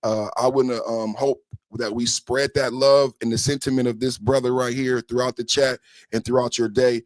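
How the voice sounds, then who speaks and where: A man hosting a live podcast stream, commenting on clips in an emphatic, repetitive way that swings between soft talk and shouting. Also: medium pitch, flat delivery, normal speed, no echo. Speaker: podcast host.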